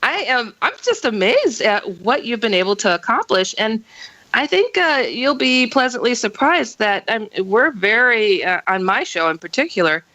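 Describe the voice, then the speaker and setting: Bubbly, bright-voiced woman radio host. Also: normal speed, dry recording, rough recording. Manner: bubbly, laughs often, lively pitch jumps. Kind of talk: casual radio interview.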